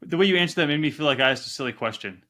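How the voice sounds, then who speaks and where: A man's voice: a little high, animated, racing, pushed and bright. A man co-hosting a podcast, joking playfully with the guest. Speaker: podcast co-host. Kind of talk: casual interview chat.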